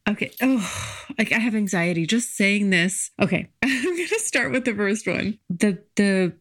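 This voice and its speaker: A woman's voice: medium pitch, lively intonation, unhurried. A young woman from California hosting a podcast from home, chatting casually and confessionally with lots of laughs and fillers. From California, USA. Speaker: podcast host.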